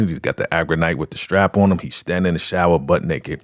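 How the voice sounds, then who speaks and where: A man's voice: low-pitched, quick pace, no room sound, studio quality. A man giving a casual TV episode recap into a podcast microphone, retelling the scenes and acting them out. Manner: animated retelling that acts out the scenes. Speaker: TV recap vlogger. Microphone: studio podcast microphone.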